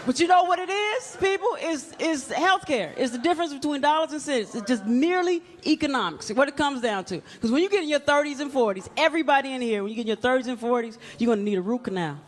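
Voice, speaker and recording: A woman's voice: sits high, lively intonation, quick pace, hardly any pauses. A woman doing a stand-up comedy set on a club stage, brash and playful, acting out little scenes. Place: comedy club stage in front of a live audience. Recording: live club recording with crowd laughter and noise.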